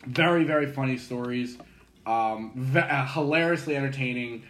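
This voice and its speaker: A man's voice: mid-range voice, moderate pace, reverberant, slight background noise. A man co-hosting a casual podcast, retelling a comedy show with lots of fillers and restarts. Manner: animated storyteller, many fillers and restarts. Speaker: podcast co-host.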